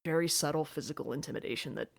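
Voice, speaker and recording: A young woman co-hosting a podcast, chatting casually and reflectively about an episode, with lots of "like" and quick quoted asides. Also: low-pitched, vocal fry. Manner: reflective, many likes, bursts of quoting. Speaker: podcast co-host. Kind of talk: casual recap chat.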